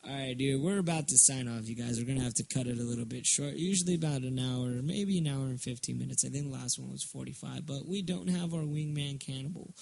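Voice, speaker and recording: A man's voice: mid-range voice, fast talker, vocal fry, few pauses, darkish tone. A young man co-hosting a casual comedy podcast, joking crudely and talking over his partner. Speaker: podcast co-host.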